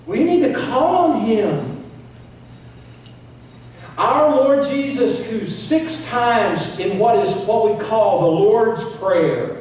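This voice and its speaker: A man delivers a sermon, his fairly high voice building emphasis through repetition. He is picked up from afar in a church sanctuary with heavy echo and a faint hiss of noise. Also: a little mellow. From East Tennessee. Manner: preaching with rising emphasis and repeated phrases. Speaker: pastor. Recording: very echoey church, distant mic, faint noise.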